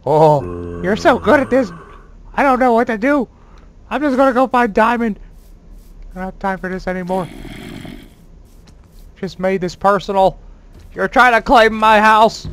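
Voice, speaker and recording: Man, very high voice, let's play commentary, excitable, swears, yelps at scares, playful bragging. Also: measured pace, long pauses. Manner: playfully boastful. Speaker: gaming channel host.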